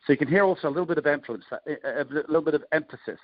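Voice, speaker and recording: A man with an English accent coaching on a call, talking through sales invitation scripts in a relaxed, conversational way with frequent ums and restarts. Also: on the high side, rapid-fire, few pauses, dry recording, muffled recording. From England. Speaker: network marketing coach.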